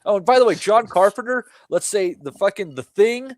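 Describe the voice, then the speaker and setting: A man co-hosting a podcast talks in loose, profane banter with plenty of laughs. His voice sits a bit high for a man and sounds close and dry, with no room around it. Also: brisk, dry recording. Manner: animated, swears heavily, laughs often. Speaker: podcast co-host.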